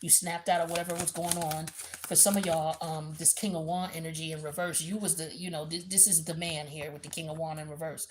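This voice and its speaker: Woman, tarot reader, blunt and profane, lowish voice. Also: fairly quick, slight background noise. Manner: blunt, animated, profane, slangy. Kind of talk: casual tarot reading monologue.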